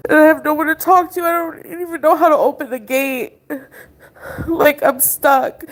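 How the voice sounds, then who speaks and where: A woman's voice: sits high, steady tone, normal speed. A woman livestreaming in distress, pleading and accusing, tearful at times. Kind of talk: emotional livestream argument. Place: indoors, abroad.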